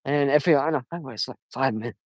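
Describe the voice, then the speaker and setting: An eighteen-year-old man vlogging on a casual walk outdoors, talking quietly and rambling with halting restarts, recorded on wireless earbuds. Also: medium pitch, no room sound, poor audio. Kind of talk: casual walking vlog.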